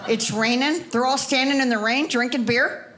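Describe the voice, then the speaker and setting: A woman's voice: high voice, normal speed. A woman from the Midwest doing a stand-up set, telling stories with punchy sarcasm and bantering with the audience. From Wisconsin, American Midwest. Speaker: stand-up comedian. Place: comedy stage before a live audience. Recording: noisy live stage recording.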